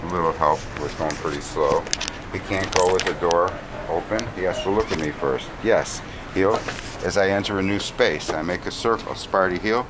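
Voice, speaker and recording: Male dog trainer with a deep voice, calm commands, camera mic, loud barking kennel behind. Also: normal speed. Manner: calm, short commands and steady praise to a dog. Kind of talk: filming a training session and explaining. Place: indoors at a kennel facility. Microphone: handheld camera mic. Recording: loud background noise, dogs barking.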